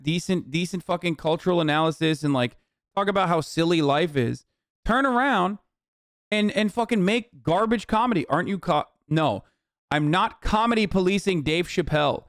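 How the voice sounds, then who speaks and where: A male streamer rants at his audience in a high voice, swearing freely and punctuating points with "okay?". His tirades climb into yelling. The sound is dry and close, with no room around it. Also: no echo. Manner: profane, repetitive "okay?" tags. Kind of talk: ranting reaction stream.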